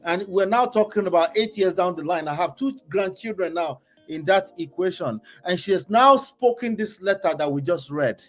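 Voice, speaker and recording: A man's voice: high voice, animated, moderate pace, few pauses, soft background music. A man with a Nigerian accent hosting a heated panel debate, pressing his points by repeating them. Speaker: host.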